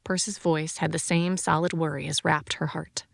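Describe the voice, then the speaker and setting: A woman narrates a science fiction audiobook in an even, measured way. Her voice sits low with a gravelly edge. The recording is dry and close, with no room sound. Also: dry recording.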